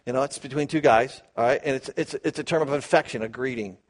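A man teaching the Bible verse by verse, animated, asking his listeners questions and acting out the quotes. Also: medium pitch, fast. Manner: animated, asks the audience questions, acts out quotes.

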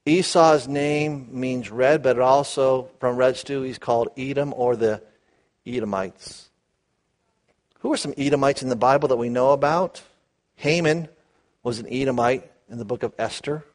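A man teaching the Bible verse by verse, animated, asking his listeners questions and acting out the quotes. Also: medium pitch, moderate pace. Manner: animated, asks the audience questions, acts out quotes.

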